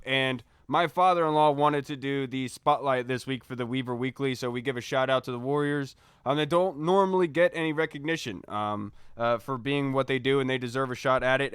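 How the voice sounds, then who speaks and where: A man's voice: medium pitch, a bit bright, smooth, no echo, studio quality. A man hosting a casual sports podcast, chatty and rambling as he wraps up. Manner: chatty, rambling sign-offs. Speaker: podcast host.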